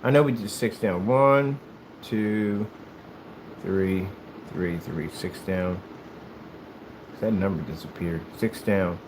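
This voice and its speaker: A man from the United States chatting casually while he plays, telling rambling, animated stories in a hyperactive way. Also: sits low, slow pace, long pauses, noisy background. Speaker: gaming streamer. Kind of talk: casual chat while playing.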